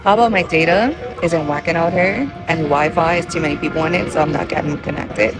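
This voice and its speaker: A woman with a low voice and fairly even intonation talks briskly into a handheld camera outdoors at a skydiving airfield. This travel vlogger rambles nervously and swears a lot in a casual vlog, with loud music playing under her voice.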